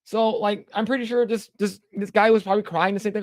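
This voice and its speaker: A thirtysomething man co-hosts a podcast in a high voice at a moderate pace, with studio-quality sound and no echo. In casual chat he reads viewer comments aloud, tells rambling stories, swears, and does voices when quoting people.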